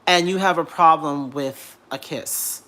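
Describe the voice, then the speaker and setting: A young man vlogging from home in a casual rant, animated and blunt, repeating himself and swearing freely. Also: a little high, measured pace. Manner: animated, repetitive, blunt and profane.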